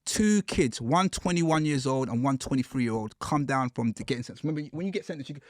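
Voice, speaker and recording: A man, a podcast guest telling his story in a casual, animated way. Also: mid-range voice, quick pace, no room sound, studio quality. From United Kingdom. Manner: animated storyteller, acts out quotes with slang.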